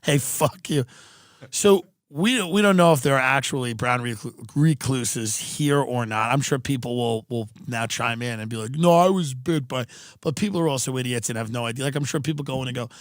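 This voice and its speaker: A man's voice: medium pitch, brisk, few pauses, no echo, studio quality. A man with a rambling, wry delivery, hosting a podcast and telling a comic story. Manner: rambling, wry, acts out quoted voices. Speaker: podcast host. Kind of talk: comedic storytelling.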